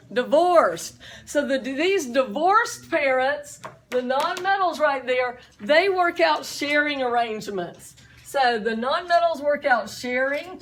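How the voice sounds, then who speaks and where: Middle-aged woman, high voice, chatty teacher who tells stories and quizzes the class. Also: a bit bright, a little hiss or hum. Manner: chatty, storytelling, asks the class questions.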